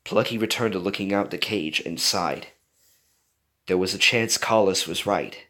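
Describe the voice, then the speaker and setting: A man reading a fan story aloud in an animated way, doing voices for the characters. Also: low voice, moderate pace. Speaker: story reader.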